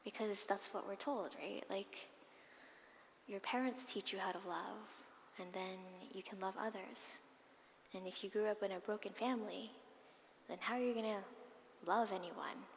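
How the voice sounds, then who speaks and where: A woman nun gives a dharma talk in a monastery hall, her voice trailing off in a long reverb. She tells personal stories expressively and drops into soft, breathy asides, with a faint hum of room ambience behind her. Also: mid-range voice, steady tone, moderate pace. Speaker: Buddhist nun and dharma teacher.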